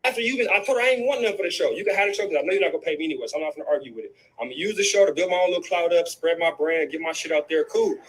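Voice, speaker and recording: A man's voice: a little high, very fast, hardly any pauses, rough recording. A man in a heated, profane rant, angry and repeating himself, tossing in "bro" again and again. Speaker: guest in a livestream clip.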